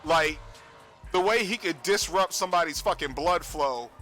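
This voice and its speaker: A man chatting casually on a livestream, telling a profane, animated story with frequent laughs. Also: on the high side, moderate pace, soft background music. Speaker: streamer. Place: home streaming setup.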